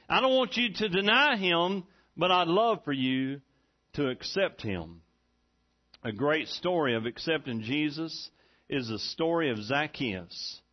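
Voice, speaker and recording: A middle-aged man delivers a folksy church sermon from the pulpit. His voice sits on the higher side, and he climbs into loud, excited preaching. The recording is dull and lo-fi. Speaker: pastor.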